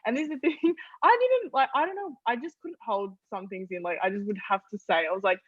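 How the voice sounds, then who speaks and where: A young woman from Australia, a guest on an interview podcast, telling family stories in an animated way and laughing often. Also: on the high side, fairly quick, no room sound, lo-fi sound. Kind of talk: casual storytelling interview.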